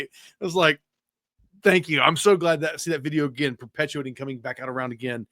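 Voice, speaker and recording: A man's voice: fairly high pitch, quick pace, sharp tone, no room sound. A man hosting a podcast in casual chat, swearing freely as he retells things he has seen online. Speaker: podcast host.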